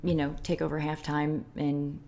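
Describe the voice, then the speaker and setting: A woman guest on a podcast, telling a personal story and acting out the dialogue in lively voices. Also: sits low, normal speed, gravelly, slight background noise. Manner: animated, acts out quoted dialogue in lively voices. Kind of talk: storytelling in a conversational interview.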